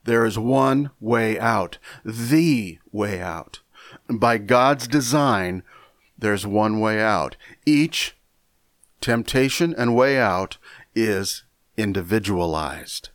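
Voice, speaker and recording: Slow, low-voiced man teaching a Bible lesson. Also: a bit bright, no room sound, clean studio sound. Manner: measured, deliberate, repeats words while thinking. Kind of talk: sermon lesson.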